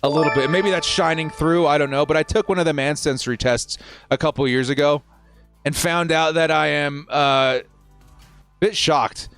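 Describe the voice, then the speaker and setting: A man's voice: fairly high pitch, moderate pace, fairly bright tone, faint music behind. A young man casually chatting with his viewers while hosting a live football watch-party stream, answering their questions in a laid-back way.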